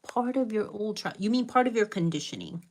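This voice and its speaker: On her live stream, a middle-aged American woman with a Hispanic Latin accent calls out viewers by name and shares heartfelt, reflective spiritual counsel. Her medium-pitched voice is expressive and brisk, with a darkish tone.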